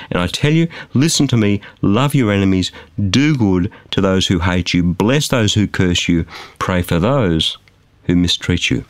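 A man's voice: lowish voice, no echo. A man preaching a sermon from a studio, emphatic and full of rhetorical questions. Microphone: close studio mic.

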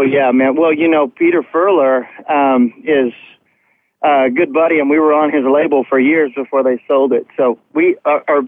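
A male musician calling in by phone for a radio interview from outside a tour bus at a concert, upbeat and rambling. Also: a little high. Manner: upbeat, rambling, lots of "um" and "man". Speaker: musician guest. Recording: tinny phone line.

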